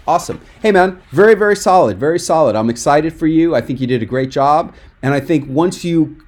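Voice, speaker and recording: On a video call, a man gives a speaker coaching feedback after a webinar, direct, emphatic and encouraging. His voice is mid-range and a little mellow.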